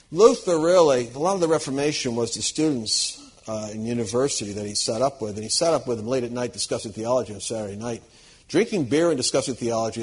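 A man preaching to a live audience, telling lively anecdotes, acting out quoted people and chuckling as he goes. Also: mid-range voice. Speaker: Christian conference speaker. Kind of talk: storytelling sermon to a live audience.

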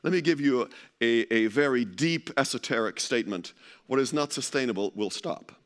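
A man's voice: medium pitch, moderate pace. A man giving an informal presentation to a live audience, chatty and joking, often stumbling and restarting as he searches for words.

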